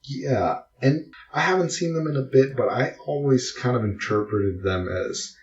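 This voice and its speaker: A man co-hosting a casual film podcast, often pausing and searching for his words. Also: mid-range voice, expressive. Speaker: podcast co-host. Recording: roomy, dull lo-fi sound.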